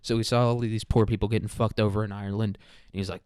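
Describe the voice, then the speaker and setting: A man's voice: on the low side, little pitch movement, quick pace, a little mellow, clean tone, dry recording, clean studio sound. A man hosting a casual history podcast alone, rambling with crude, self-mocking jokes. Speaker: podcast host.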